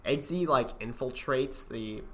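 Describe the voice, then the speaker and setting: A man with a mid-pitched, everyday voice talks through a film in relaxed, casual conversation. He leans on fillers and keeps poking at plot holes. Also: measured pace. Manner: chatty, questioning plot holes, many likes and fillers. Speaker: podcast co-host. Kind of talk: casual movie discussion.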